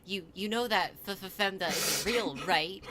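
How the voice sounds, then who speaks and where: A man voicing a loud, crude male gamer with a put-on stereotypical British accent. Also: high voice, moderate pace, heavy background noise, voice pushed up. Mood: flustered. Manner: excitable, swearing.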